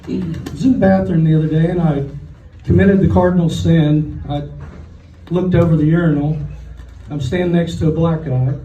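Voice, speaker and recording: A stand-up comic in his sixties, from Oklahoma, with a high but mellow voice. He delivers deadpan stories and quick quoted voices. The sound is echoey and distant, as if picked up from across the room. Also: dull audio. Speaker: stand-up comedian. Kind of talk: stand-up comedy set. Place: comedy night in a restaurant room.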